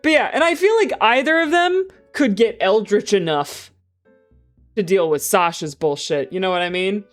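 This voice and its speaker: Excitable woman streamer, faint music behind. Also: medium pitch, normal speed. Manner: excitable, swears, laughs often. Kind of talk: casual livestream chat.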